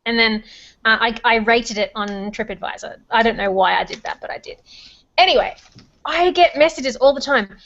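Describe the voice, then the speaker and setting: A woman from Australia, a guest on a panel, talking in a casual, insistent way and quick to object. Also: on the high side, creaky, fairly bright tone. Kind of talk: casual debate. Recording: dull lo-fi sound.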